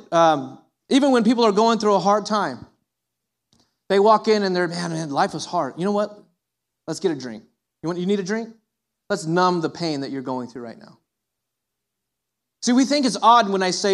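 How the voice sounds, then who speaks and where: A man preaching a sermon as a pastor, animated, often acting out the voices of his listeners. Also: high voice.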